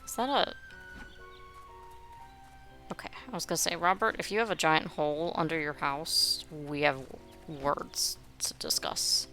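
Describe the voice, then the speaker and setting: A woman's voice: low voice, unhurried, long pauses, pushed and bright, soft background music. A young woman giving wry, sarcastic commentary while playing a building game. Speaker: game streamer. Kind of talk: gameplay commentary.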